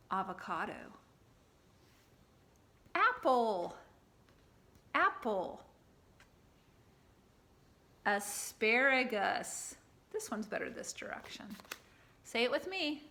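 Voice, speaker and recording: A woman's voice: medium pitch, big pitch swings, slow, pauses often, sharp tone. A woman teaching a preschool class at circle time, reading a picture book aloud and leading call-and-response in a sing-song manner.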